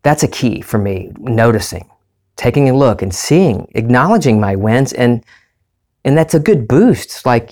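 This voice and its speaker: A man's voice: medium pitch, expressive, moderate pace, darkish tone. A man giving a candid personal monologue as a self-help speaker, earnest and confessional, rambling with restarts.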